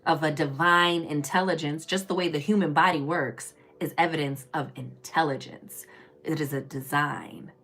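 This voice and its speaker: A woman giving a casual spiritual tarot reading on a live stream, chatty and preachy, calling her listeners baby and y'all, swinging from loud emphatic bursts to low murmurs. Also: fairly even intonation, moderate pace. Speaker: tarot reader.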